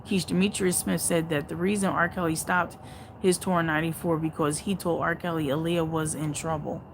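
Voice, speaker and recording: On her casual livestream, a woman talks a little fast with vocal fry and little pitch movement as she reads viewer comments aloud. She reacts bluntly, swears heavily and swings between muttering low and erupting loudly, against a noisy background.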